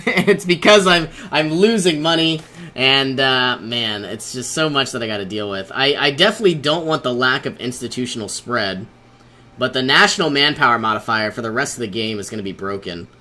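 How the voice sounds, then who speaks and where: A man's voice: mid-range voice, lively intonation, normal speed, sharp tone. A young man giving casual commentary over his own strategy game, thinking aloud, often exasperated and laughing. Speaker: let's play host.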